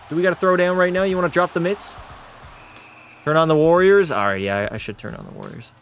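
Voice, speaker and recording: A man with a mid-range, slightly bright voice hosts a livestream watch party. He offers casual commentary, jokes, swears, and banters with his chat.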